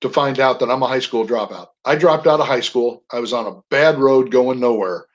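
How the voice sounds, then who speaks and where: An older man, a guest on a radio interview, telling personal stories with animated emphasis on single words. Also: mid-range voice, fairly quick, highs cut off. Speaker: guest, veteran.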